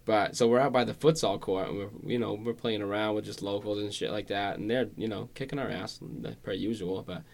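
A man's voice: lowish voice, fairly even intonation, a little fast, vocal fry, hardly any pauses, a little mellow. A young man in casual podcast chat, laid-back and swearing freely as he tells stories.

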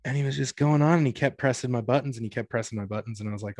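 A man's voice: fairly low pitch, steady tone, racing, hardly any pauses, darkish tone, no echo, studio quality. A young man talking in a casual chat, rambling with lots of filler words and free swearing. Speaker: guest.

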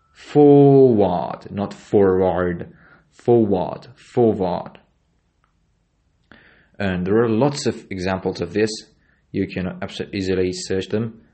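A man with a deep voice hosts a solo podcast lesson on pronunciation. He speaks slowly and hesitantly, pausing often and repeating each example word several times to demonstrate it. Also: a little mellow. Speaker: podcast host teaching pronunciation.

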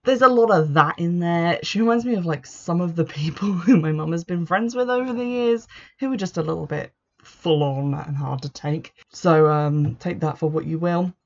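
Chatty book reviewer, gravelly voice, dull lo-fi sound, opinionated and full of fillers. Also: mid-range voice, normal speed.

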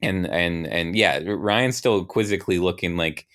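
A man narrating an improvised role-play game, halting and restarting as he goes. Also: sits low, a bit bright, clear, resonant tone.

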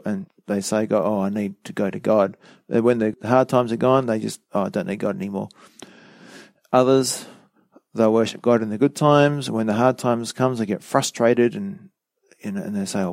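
A man's voice: lowish voice, vocal fry, darkish tone, dry recording. A man preaching a sermon, teaching in a conversational way with frequent fillers like "you know.".

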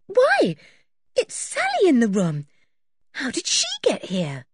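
A woman voicing a sensible young girl in a storybook reading, speaking in a high, bright girlish voice. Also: very animated, normal speed, no echo, clean studio sound. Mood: puzzled.

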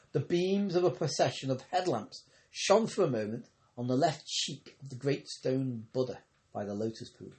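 A man with a mid-pitched, ordinary voice reads a novel aloud. He narrates steadily, but he trips over the odd word and goes back to fix it. It sounds like an amateur audiobook reading. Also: a little mellow. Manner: reads with occasional stumbles and self-corrections. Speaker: audiobook reader. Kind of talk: scripted narration.

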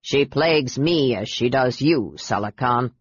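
A reader doing a low, commanding emperor. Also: breathy edge, no room sound, dull audio. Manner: slow, authoritative, low. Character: commanding male emperor, gruff and good-humored.

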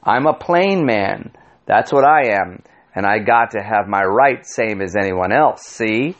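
A man reading an audiobook voices a big beefy bully who talks loud, rough and threatening. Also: fairly low pitch, expressive, a little slow, muffled recording. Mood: belligerent.

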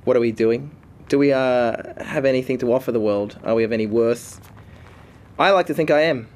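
A man's voice: medium pitch, brisk, a little mellow. A man giving a comic, mock-philosophical account of what kind of guy he is. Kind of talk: comic self-description.

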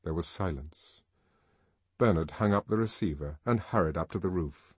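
A man narrating a novel in a measured, expressive audiobook reading. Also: low voice, slightly rough, no room sound. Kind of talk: scripted narration.

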